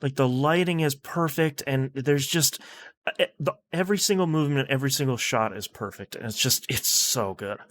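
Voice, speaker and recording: A man co-hosting a casual film podcast, agreeable and quick to chime in with short affirmations. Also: medium pitch, fairly bright tone. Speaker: podcast co-host.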